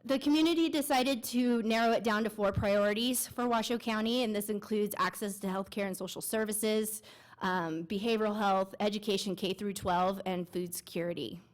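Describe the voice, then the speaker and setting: A woman with a stuffy, congested cold voice presenting a community health plan at a board meeting, speaking into a mic. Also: normal speed. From Nevada. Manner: nasal, low congested voice. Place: meeting room. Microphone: handheld mic.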